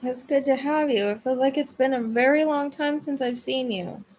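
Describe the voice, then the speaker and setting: A woman's voice: sits high, moderate pace, darkish tone, slight background noise. A woman hosting a psychic livestream, chatting with her viewers in a casual way. She sounds tired and drained, and she rambles, restarts her sentences and trails off.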